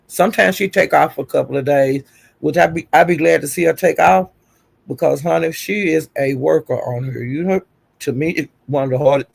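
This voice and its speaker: A man's voice: on the high side, gravelly, slightly rough, no echo. A man hosting a casual livestream, gossiping and greeting viewers in the chat, calling them honey and child. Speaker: livestream host. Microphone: streaming setup.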